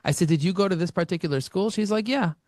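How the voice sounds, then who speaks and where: A man speaking as an interview guest, telling energetic stories and acting out both sides of conversations. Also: sits high, quick pace, no echo, studio quality. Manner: animated, acts out dialogue with shifting voices. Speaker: podcast guest, marketing expert.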